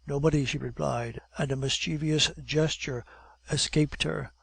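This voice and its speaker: A male audiobook narrator with a gravelly, creaky edge to his voice. He reads in a steady, measured way. The sound is close and dry. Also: mid-range voice, dry recording. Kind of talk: scripted narration.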